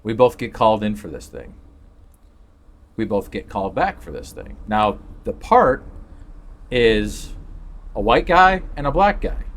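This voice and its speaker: Lower-voiced man telling animated stories. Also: measured pace, pauses often. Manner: animated storyteller, laughs often. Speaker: podcast co-host. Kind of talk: casual chat. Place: backyard, outdoors. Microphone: phone livestream.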